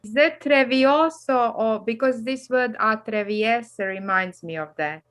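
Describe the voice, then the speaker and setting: Higher-voiced woman student asking questions. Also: unhurried, fairly bright tone. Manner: reading practice sentences and asking about words. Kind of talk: asking questions in an online class.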